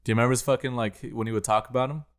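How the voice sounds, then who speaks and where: A man's voice: mid-range voice, fairly even intonation, racing. A young man co-hosting a podcast, joking and egging his partner on. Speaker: podcast co-host. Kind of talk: casual chat.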